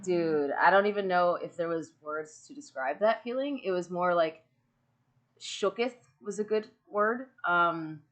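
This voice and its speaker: A woman's voice: fairly low pitch, unhurried. Woman, 30s, stream host; bubbly storyteller, acts out quotes, laughs a lot. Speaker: streamer hosting a video call. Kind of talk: casual chat.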